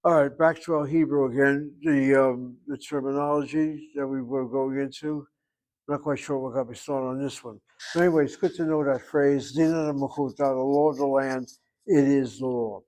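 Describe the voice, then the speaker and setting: A man's voice: mid-range voice, fairly even intonation, normal speed, a little mellow. An older man teaching a Hebrew class, joking and digressing, then patiently correcting a student's pronunciation. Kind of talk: online class instruction.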